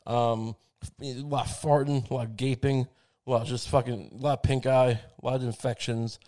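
A man's voice: mid-range voice, little pitch movement, normal speed, a little mellow. A man on a crude, rambling comedic rant, swearing constantly and digressing, slipping into mocking voices for the people he quotes.

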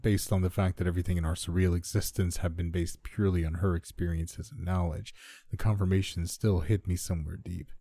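Deep-voiced man narrating horror. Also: vocal fry, no echo, clean studio sound. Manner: measured, steady storytelling.

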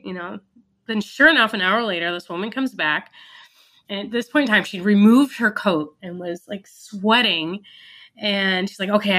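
Bright-voiced woman telling a founder story. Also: mid-range voice. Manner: earnest, reflective, with fillers and restarts. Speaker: business founder guest. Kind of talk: storytelling interview answer.

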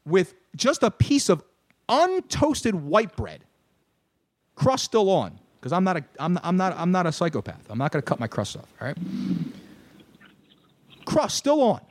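A young man rants on a podcast, his voice high for a man and swinging wildly in pitch. He curses freely and shouts his punchlines. The sound is close and dry, with no room around it. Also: measured pace, pauses often, no room sound. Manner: animated ranter, swears, shouts punchlines. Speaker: podcast co-host. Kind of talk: casual ranting chat.

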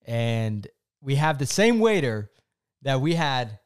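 A man's voice: medium pitch, slow pace, clear, resonant tone. A young man, co-host of a chat, telling a personal story casually and acting out what he said back then. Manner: animated, acts out his own past quotes.

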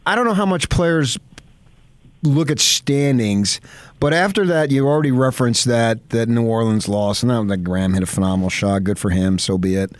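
A man's voice: medium pitch, moderate pace, dry recording. A man hosting a sports radio show, rambling and enthusiastic as he tells stories. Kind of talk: casual radio chat.

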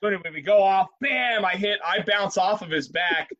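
A man with a high, bright voice tells a story in loose, animated chat. He swears freely and laughs often as he talks. The sound is dry and slightly muffled. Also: a little fast, no echo.

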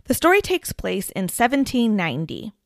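A woman's voice: medium pitch, moderate pace, creaky, no room sound. Chatty woman podcast host, dry sound. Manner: chatty, laughs often, lively retelling. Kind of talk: casual storytelling chat.

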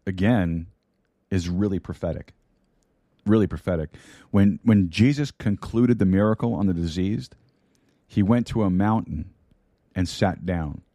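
A man delivers a podcast sermon in a low, warm voice, earnest and deliberate. He circles back to key phrases to press them home. The studio microphone gives a close, dry sound. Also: dry recording. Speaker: pastor. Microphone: studio microphone with mute button.

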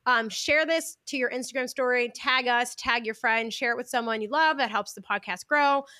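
A young adult woman hosting a podcast in casual chat, intense and emphatic, as if she were always yelling. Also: on the high side, moderate pace, no room sound, clean studio sound. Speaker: podcast host. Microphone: video call.

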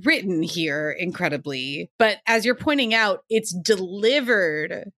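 A woman's voice: on the low side, expressive, measured pace, fairly bright tone, no room sound, clean studio sound. A woman co-hosting a podcast, talking through a film in an enthusiastic, analytical way with lots of fillers. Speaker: podcast co-host. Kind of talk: casual film discussion.

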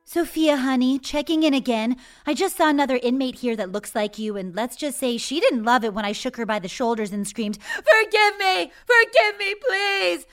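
A woman's voice: on the high side, brisk, few pauses, faint music behind, natural voice. A woman playing a flustered, rambling mother. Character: flustered, chatty mother calling from prison. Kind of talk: sketch comedy phone call.

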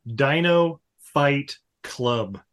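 A man hosts a casual podcast, steering the talk with quick jokes. His voice sits mid-range and relaxed. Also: mid-range voice. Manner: joking, steers the segment with quick asides. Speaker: podcast host. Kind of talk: casual chat.

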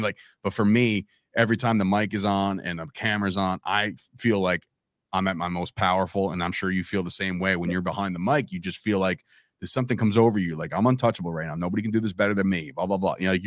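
A man in his thirties talks casually on a podcast, telling stories with animation and slipping into quoted voices. His voice sits low. The sound is close and dry. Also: no echo. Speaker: podcast guest, wrestling commentator.

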